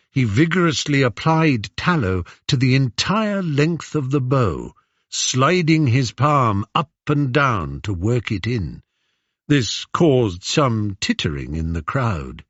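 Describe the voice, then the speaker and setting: A man with an English accent narrating a story, expressive and animated in his pitch. His pace is slow and his voice slightly husky. The recording is dry and a touch dull. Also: dry recording. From England. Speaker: audiobook narrator. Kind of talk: scripted narration.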